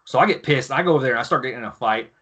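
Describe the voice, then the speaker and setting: Bright-voiced man telling profane stories. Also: mid-range voice, very fast. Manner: profane, animated, acts out yelling officers in his stories. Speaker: podcast guest, former Marine and author. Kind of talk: casual storytelling.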